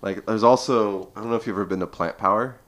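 A young man in his twenties speaks in a very low voice. He talks in relaxed conversation as a podcast guest, telling stories with lots of filler words. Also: fast talker. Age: 20s. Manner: lively storyteller, heavy filler "like". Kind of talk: casual chat.

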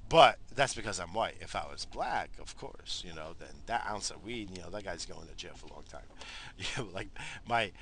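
Middle-aged man from New York, gravelly bright voice, rambling car vlog with faint background hiss. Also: deep voice, lively intonation, moderate pace. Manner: profane, laid-back, laughing storyteller. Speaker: vlogger. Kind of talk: casual rambling monologue. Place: parked car.

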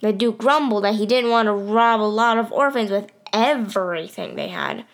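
A woman's voice: mid-range voice, big pitch swings, normal speed. A woman narrating a story in first person, telling it plainly and steadily.

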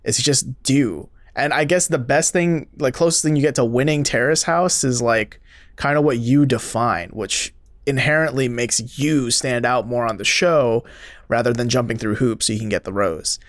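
A man's voice: medium pitch, moderate pace, no echo. A man in casual podcast chat, talking bluntly and swearing offhandedly.

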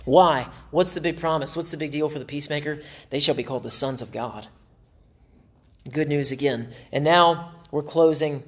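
A man's voice: on the high side, normal speed. A male pastor preaching a sermon in an emphatic way, with dry sarcastic humor.

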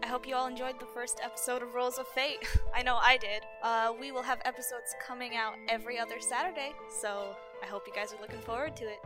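A woman narrating a tabletop game as game master, quick and full of fillers. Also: on the high side, fairly even intonation, music in the background.

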